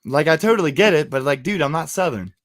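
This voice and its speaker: A man's voice: fairly high pitch, fast, dry recording, clean studio sound. A man from West Virginia hosting a casual podcast, telling stories with plenty of swearing and laughter. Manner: animated storyteller, swears freely, laughs often. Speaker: podcast host.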